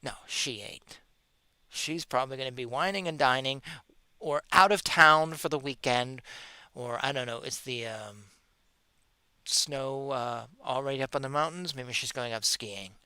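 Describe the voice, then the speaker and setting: A man's voice: mid-range voice, unhurried, pushed and bright, clear, resonant tone, dry recording. A man hosting his own solo commentary podcast on spirituality, talking in a sarcastic, exasperated way that mocks what he is reading about. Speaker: podcast host. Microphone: webcam or computer mic.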